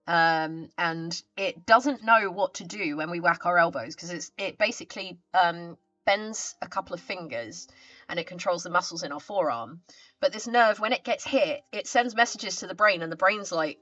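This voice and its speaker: A woman's voice: fairly low pitch, a bit bright, no echo, dull audio. A woman live streamer chatting casually with her viewers. She greets them and reads their messages aloud, talking into a desk mic with a pop filter.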